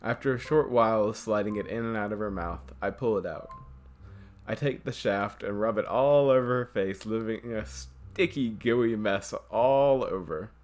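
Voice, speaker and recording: A man's voice: on the low side, normal speed, a little mellow, faint music behind. A man hosting a game playthrough, reading the story aloud in a casual way with small slips. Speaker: host. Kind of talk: narrating a visual novel playthrough.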